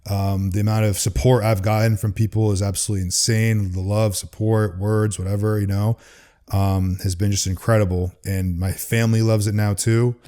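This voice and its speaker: A man's voice: fairly low pitch, little pitch movement, normal speed, mellow. A man speaking as a supercar dealer guest on a podcast, easygoing and full of "you know". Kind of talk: casual interview chat.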